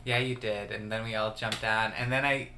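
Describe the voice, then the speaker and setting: A man's voice: fairly low pitch, fairly even intonation, moderate pace, background noise. A man guest in casual chat, telling a story in a wry way.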